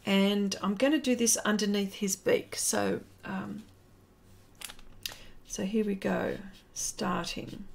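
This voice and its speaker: A woman's voice: medium pitch, steady tone, slow pace, vocal fry, long pauses, slight background noise. An Australian woman chatting casually on a live stream while she paints, greeting viewers by name and rambling with fillers.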